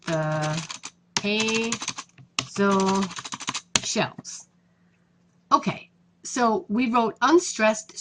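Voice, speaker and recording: A woman's voice: on the high side, a bit bright. A woman teaching a lesson on poetic meter, explaining patiently step by step. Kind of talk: classroom lecture on poetry.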